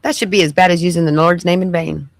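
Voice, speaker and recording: A woman's voice: on the low side, fairly even intonation, quick pace, no echo, studio quality. A woman podcast host giving sassy, preachy commentary as she reacts to clips. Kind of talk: casual commentary.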